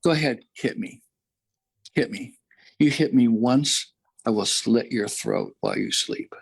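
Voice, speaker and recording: A man quoting a mocking, menacing abusive woman in his own gravelly voice. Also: mid-range voice, measured pace. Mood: threatening. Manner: mocking, jeering.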